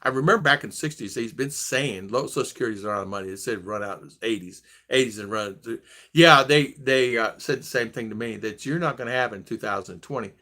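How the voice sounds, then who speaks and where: A man's voice: medium pitch, fast talker, sharp tone. A man in his sixties from the United States, telling rambling stories in a casual vlog chat, often restarting and trailing off. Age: 60s. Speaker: vlogger.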